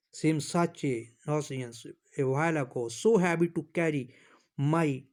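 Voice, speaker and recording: A man reads a story to his class and explains it as he goes. His voice sits somewhat high, and he often restarts and rephrases lines in his own words. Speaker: teacher.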